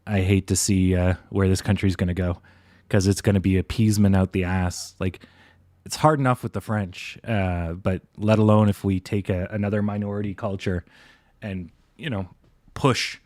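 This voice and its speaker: A man's voice: low voice, fairly even intonation, normal speed, darkish tone, no echo, studio quality. A man hosting a live stock trading stream, rambling casually and thinking aloud. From Canada. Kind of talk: live stream chart commentary.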